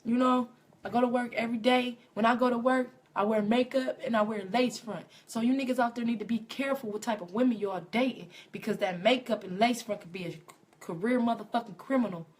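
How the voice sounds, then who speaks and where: A woman livestreaming a profane comic story on her phone, rambling and growing loud and shrill when worked up. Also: a little fast. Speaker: livestream comedian. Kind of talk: comic storytelling on a live stream.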